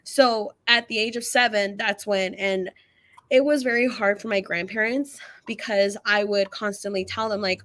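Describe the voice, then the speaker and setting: A woman guest on a live interview, telling a personal story in an animated way and laughing often between her sentences. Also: mid-range voice, normal speed. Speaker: guest psychic medium.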